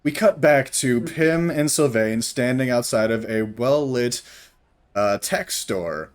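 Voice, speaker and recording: A man's voice: on the low side, clear, resonant tone. A young man narrating as game master in a casual tabletop session, rambling loosely with fillers.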